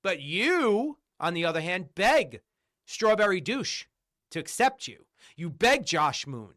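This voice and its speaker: A man's voice: high-pitched, sing-song, takes it slowly, sharp tone. A man on a livestream delivering an angry, profane rant full of repeated rhetorical questions. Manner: combative, repetitive, profane, hammering rhetorical questions.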